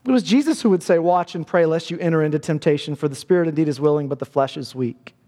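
A man's voice: on the high side, quick pace, warm tone. A male pastor preaching a sermon in a church, earnest and building to fervent emphasis. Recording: long reverb of a large hall.

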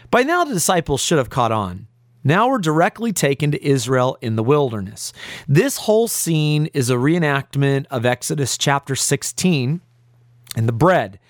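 A man's voice: a little high, no echo, clean studio sound. A man preaching a sermon, reading scripture aloud and asking the listeners rhetorical questions.

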